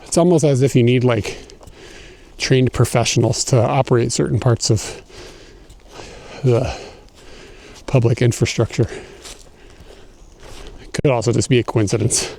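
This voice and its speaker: A man's voice: mid-range voice, steady tone, unhurried, gravelly, long pauses, darkish tone. Breathless man ranting on a walking stream. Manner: profane, laughing, ranting. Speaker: livestreamer. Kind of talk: casual IRL livestream chat. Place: outdoors walking in a snowy park. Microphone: phone carried while walking. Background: faint outdoor ambience.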